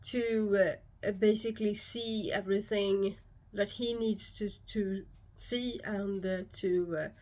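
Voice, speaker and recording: A woman with a Swedish accent, a YouTube host talking alone to camera, calm and measured, often pausing. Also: medium pitch. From Sweden. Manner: calm, measured explaining with frequent pauses. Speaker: YouTube host and shamanic practitioner. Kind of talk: solo explanatory talk to camera.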